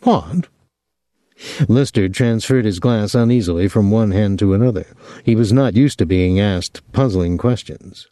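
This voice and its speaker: A man narrating a novel as an audiobook in a measured, expressive storytelling voice, on a close microphone. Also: fairly low pitch, no room sound. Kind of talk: scripted narration.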